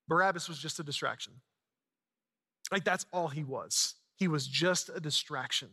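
A man's voice: fairly high pitch, normal speed, sharp tone, long reverb tail. A man preaching a sermon, retelling a story dramatically with casual asides. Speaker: pastor.

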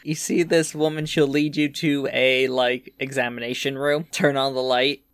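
A man narrating as game master in a relaxed, halting way with many fillers. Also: mid-range voice, smooth, no room sound, clean studio sound.

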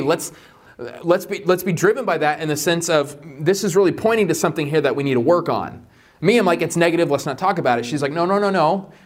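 Joking, animated man preaching. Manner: animated and joking, voice jumping up high in playful asides. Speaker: pastor. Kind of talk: sermon.

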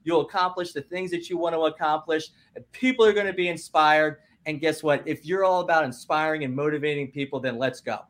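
A man with a fairly high voice talks as a guest business coach, pushing his points with rising energy. He is emphatic and rallying and keeps stopping himself to say "listen." His talk moves between relaxed explanation and loud bursts of encouragement. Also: fairly quick. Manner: emphatic, rallying, fond of "guess what" and "listen".

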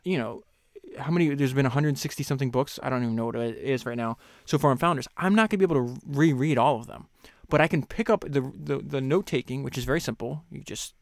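A man's voice: medium pitch, no room sound. Man reading and commenting on a book, dry sound. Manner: reads quotes slower and louder, chats loosely with fillers and restarts. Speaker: podcast host. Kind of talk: casual book commentary with read-aloud passages.

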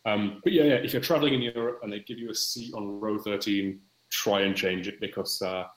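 A man's voice: on the low side, fairly even intonation, a little fast. Chatty man, echoey room. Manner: chatty, rambling, wry. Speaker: guest. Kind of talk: casual podcast chat.

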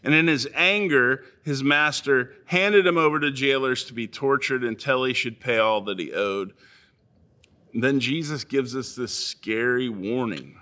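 A man preaching a sermon as a pastor, speaking in a measured, earnest way with slow, deliberate phrasing. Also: medium pitch, sharp tone.

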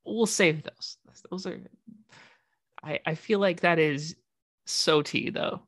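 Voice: mid-range voice, slow pace, fairly bright tone, no room sound, clean studio sound. A podcast co-host reacting and chatting casually, with supportive comments and trailing restarts. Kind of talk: casual chat.

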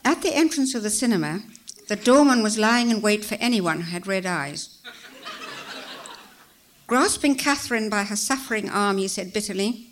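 A woman reading a story aloud as narrator, in a measured, expressive way. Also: mid-range voice, slight background noise.

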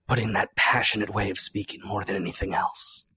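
A man's voice: lowish voice, steady tone, fairly quick, bright, forceful tone, husky. A man talking casually as a game designer guest on a podcast, chatty and filling his speech with "like" while laughing often.

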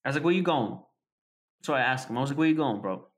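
A man's voice: medium pitch, fast talker. A man in casual podcast chat, telling a story with lots of swearing and acting out both sides of a conversation. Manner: profane, animated storytelling, acts out quoted conversations.

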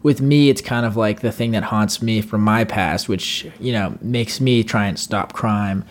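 A man's voice: on the low side, measured pace. A man co-hosting a podcast, telling a long anecdote in a casual, rambling way and acting out the people in it. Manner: rambling, animated, acts out voices with yelling. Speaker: podcast co-host. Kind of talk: casual storytelling chat.

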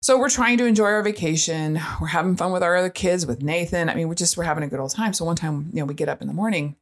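A woman with a notably low voice tells a family story in a relaxed, chatty way. She keeps the talk loose with fillers and quick asides while staying animated. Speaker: parent sharing experience with autism. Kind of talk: casual storytelling monologue.

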